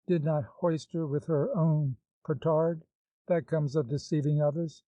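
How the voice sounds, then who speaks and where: A man's voice: a little high, steady tone, a little slow, dark tone, no echo, natural voice. A man reading the part of a bold, impertinent young woman with a glib, mocking manner, in a dull, dry recording. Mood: playful mocking.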